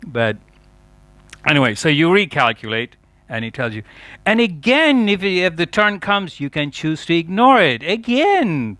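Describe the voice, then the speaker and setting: A man's voice: mid-range voice, a bit bright, dry recording. A man giving a chatty, digressive lecture at a yoga festival, laughing often at his own asides.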